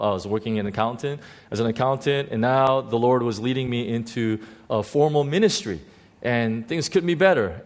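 A middle-aged male pastor with a mid-range voice preaches a sermon haltingly, full of fillers, growing soft and slow during heartfelt moments.

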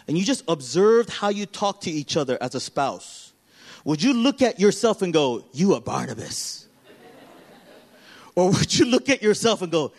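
A high-voiced male pastor delivers a spirited sermon, moving between loud, forceful stretches and soft, hushed moments.

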